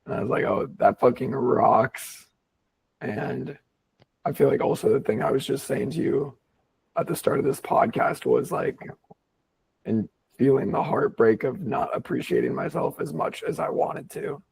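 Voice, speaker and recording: A hoarse man whose voice is nearly gone, co-hosting a podcast in thoughtful, casual conversation that is sprinkled with swearing. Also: mid-range voice, lively intonation, moderate pace, darkish tone, low-quality recording. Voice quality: raspy, gravelly. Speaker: podcast co-host. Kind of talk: casual reflective chat.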